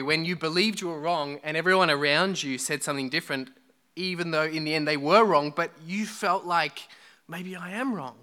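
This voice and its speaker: A man's voice: fairly high pitch, pushed and bright, clear, resonant tone. A man preaching a sermon to a church congregation, chatty and joking with the people in front of him. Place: church hall.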